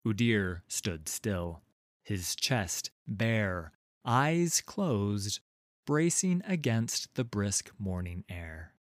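Low-ish guy narrating a fantasy story, slow and deliberate, dry close sound. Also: sing-song, no room sound.

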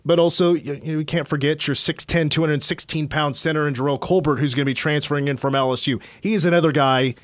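A man's voice: fairly high pitch, steady tone, fast talker, hardly any pauses, no room sound, clean studio sound. A man on sports talk radio, breaking down a college basketball recruit in a detailed, stat-heavy, conversational way.

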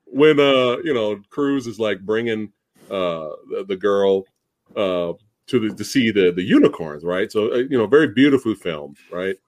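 A man hosting a podcast, chatting casually and excitedly about a movie, swearing freely and restarting his sentences. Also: lowish voice, moderate pace. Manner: excited, profane, lots of fillers and restarts. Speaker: podcast host. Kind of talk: casual chat.

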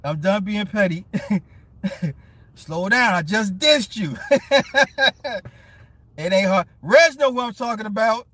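A man's voice: high voice, lively intonation, slow, long pauses, pushed and bright, dry recording. A man casually ranting to his live chat, teasing and profane, laughing often as he mocks someone. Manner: mocking, petty storytelling. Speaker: live-stream commentator.

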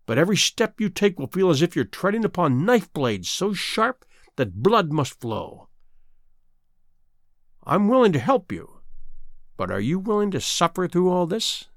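A man voicing a cruel, scheming female sea witch in a storybook reading, with a slow, taunting delivery. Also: high-pitched, big pitch swings, no echo, studio quality, voice pushed up, full character voice.

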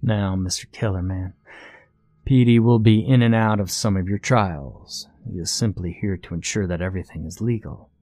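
A man voicing a formal, measured male servant of a sinister king, speaking in a pompous, courtly way. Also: deep voice, dark tone, dry recording, clean studio sound. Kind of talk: storytelling.

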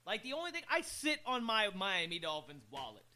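A young man with a high, bright voice talks sports on a casual co-hosted show. He rambles, stumbles over repeated words and laughs easily between points. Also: big pitch swings, brisk. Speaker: radio show co-host.

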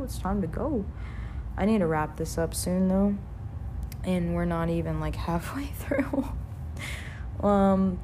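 A woman's voice: fairly low pitch, background noise. A young woman hosting a podcast, talking candidly and rambling, swearing freely, with plenty of fillers. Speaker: podcast host. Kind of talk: casual confessional podcast talk.

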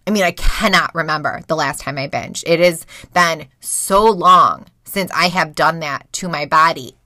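Candid, bright-voiced woman in her thirties. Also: sits low, moderate pace, no echo, studio quality. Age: 30s. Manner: frank, emotional, swears freely. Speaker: podcast host. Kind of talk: candid personal monologue. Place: small closet at home.

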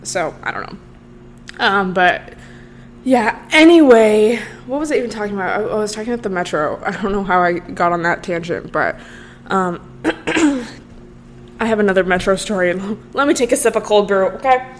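A woman's voice: mid-range voice, normal speed, slight background noise. A young woman in her twenties hosting a podcast, rambling through a casual story with lots of filler words. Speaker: podcast host. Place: Los Angeles.

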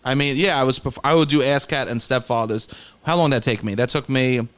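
A man's voice: mid-range voice, a little fast, fairly bright tone, clear, resonant tone. A young man from New York, an improv comedian, rambling and swearing casually as a podcast guest.

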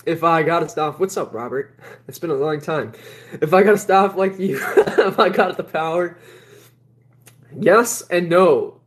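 A man's voice: a little high, a little slow, slight background noise. A man hosting a spiritual livestream in casual talk. He rambles, repeats his words, laughs often and sounds blunt and dismissive.

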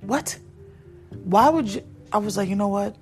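A woman's voice: medium pitch, animated, normal speed, a little mellow, faint music behind. A young adult woman venting in a blunt, frustrated storytime, repeating herself for emphasis. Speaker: vlogger.

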